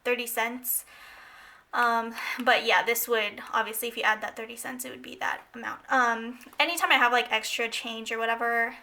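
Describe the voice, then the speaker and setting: A woman's voice: fairly high pitch, steady tone, moderate pace, sharp tone. A woman vlogger chatting casually and a bit scatter-brained while she counts cash into budget envelopes.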